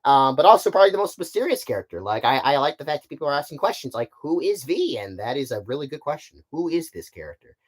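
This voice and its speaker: A man talks offhandedly to his viewers on a stream, his pitch rising and falling in a lively way. He often trips over words, repeating them before he finishes a thought. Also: quick pace, few pauses. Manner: rambling and offhand, with frequent fillers like "like" and "you know". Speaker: puppet series creator on a stream. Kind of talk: casual stream chat answering viewer questions.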